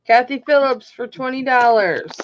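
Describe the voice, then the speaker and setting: A woman's voice: a little high, normal speed, dull audio, a little hiss or hum. Chatty woman hosting a live jewelry auction. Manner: chatty, calls out bidders by name and counts down bids. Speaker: auction host.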